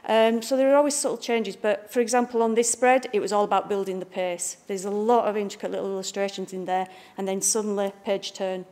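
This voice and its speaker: A woman from the north of England gives an informal lecture in her broad local accent, lively and full of jokes. Her voice sits at an ordinary middle pitch for a woman, and she talks to the room like old friends. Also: fairly quick, few pauses. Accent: Northern English. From Bradford, northern England. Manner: chatty, bubbly, jokey. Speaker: picture book art director giving a talk. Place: library event room with a live audience.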